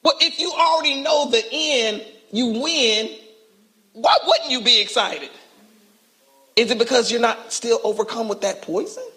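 Brief: high-pitched bright male pastor, lively call-and-response sermon, acts out voices. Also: measured pace. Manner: animated call-and-response preaching, acts out quotes. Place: church sanctuary.

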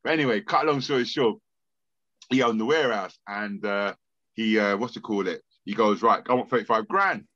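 Here a London man on a podcast is animatedly telling a lengthy story in a casual interview, acting out the voices of others and frequently restarting with stammers. His lowish voice moves briskly, and the recording is muffled with no echo.

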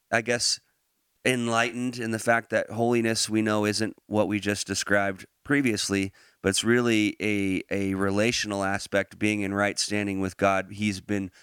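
Low-voiced man teaching on a podcast. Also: measured pace, clear, resonant tone, no echo, clean studio sound. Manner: relaxed, laughs easily, many fillers and restarts. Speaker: podcast host and Bible teacher. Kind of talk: casual podcast chat turning into a teaching.

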